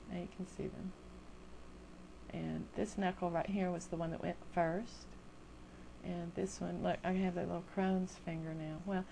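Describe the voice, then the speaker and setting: Gravelly older woman ranting to camera. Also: on the low side, background noise. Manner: chatty, exasperated, self-mocking. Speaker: video blogger. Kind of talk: casual rant to camera.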